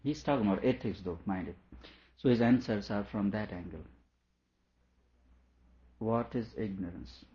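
A man with a fairly low voice gives a lecture on scripture, going over each idea patiently and restating it in different words. The recording is dull and lo-fi, with the top end muffled. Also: mellow. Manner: deliberate, explains by repeating and rephrasing. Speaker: teacher.

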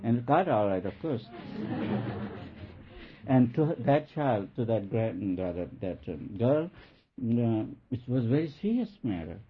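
A man giving a gentle spiritual talk as a teacher, telling a story in a halting way with many restarts. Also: mid-range voice, expressive, noisy background. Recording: thin phone-like lo-fi recording.

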